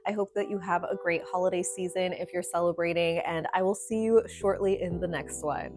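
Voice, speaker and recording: A young woman talking casually to her viewers in a lower voice. She rambles and apologizes as she goes, with faint music underneath. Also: fairly even intonation, fairly quick, darkish tone. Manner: chatty, apologetic, rambling with fillers. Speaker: nail polish channel host. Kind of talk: casual talk to camera.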